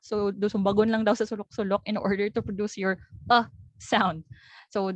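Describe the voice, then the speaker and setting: A woman's voice: medium pitch, no room sound. A young woman with a Filipino accent teaching an online lesson, explaining step by step and often restarting phrases. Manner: explains step by step, mixing in local words.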